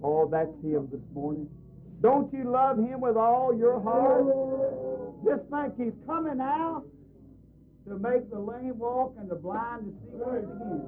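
A man preaches a storytelling sermon, his voice pitched high and his delivery unhurried. He swells into fervent cries and draws out his phrases. The sound is thin and tinny, like an old tape played over a phone line. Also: lively intonation. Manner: fervent, rising to shouts, drawn-out phrases.

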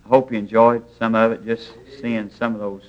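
A man's voice: on the low side, little pitch movement, moderate pace, dull audio. A man preaching a sermon in a church, telling stories in plain, homespun grammar. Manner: folksy storytelling preaching, plain rural grammar.

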